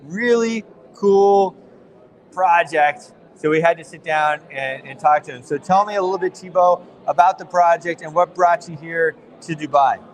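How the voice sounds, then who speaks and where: A man's voice: fairly high pitch, normal speed, low-quality recording. An American man interviewing a guest at a conference, chatty and enthusiastic, rambling a little. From United States. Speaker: interviewer at a crypto event. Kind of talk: casual on-site interview. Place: conference venue.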